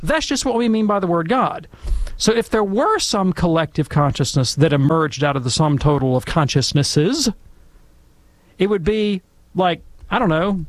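A man answering listener questions on a call-in radio show, talking in long discursive asides with animated storytelling. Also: high voice, moderate pace, dry recording. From Alabama, US. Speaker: Catholic apologist guest expert. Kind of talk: conversational radio Q&A.

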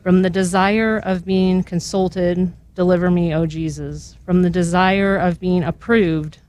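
A woman guest on a radio show, slowly and earnestly reading a long prayer aloud, her voice at times catching with emotion. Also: lowish voice, steady tone, darkish tone. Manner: slow, earnest recitation.

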